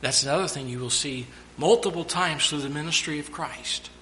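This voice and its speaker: A man preaches a sermon with a very bright, forceful tone and an everyday mid pitch. He sometimes bursts into loud, acted-out shouts. A faint hiss of noise sits under the voice. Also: normal speed.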